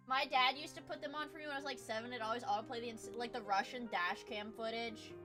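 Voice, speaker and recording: A young woman streaming, chatting casually as she reacts to videos, swearing freely and breaking into loud shrieks. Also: on the high side, fairly even intonation, brisk, music in the background.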